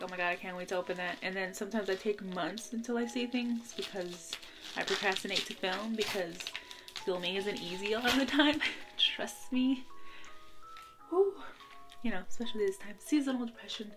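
A young woman vlogging a casual unboxing, bubbly and giggly, gushing with excitement as she goes. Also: mid-range voice. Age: young adult.

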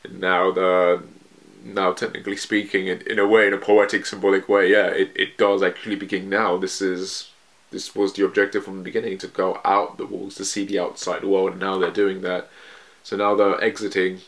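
A man's voice: low-pitched, little pitch movement, normal speed, fairly bright tone. A man casually reading a manga chapter aloud and reacting to it, quoting the characters and laughing often.

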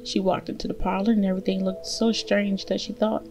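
A woman reading a fairy tale aloud as storyteller, gentle and steady. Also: mid-range voice, brisk, faint music behind.

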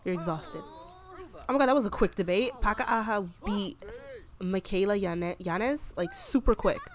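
A young woman casually commentating a life-simulation game, chatty and excitable. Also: medium pitch, normal speed. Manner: chatty, excitable, with frequent gasps and laughs. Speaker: gaming video creator. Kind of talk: casual let's-play commentary.

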